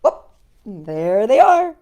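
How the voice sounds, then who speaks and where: A woman reading a picture book aloud to children in a gentle, animated storytelling manner. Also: a little high, slow pace.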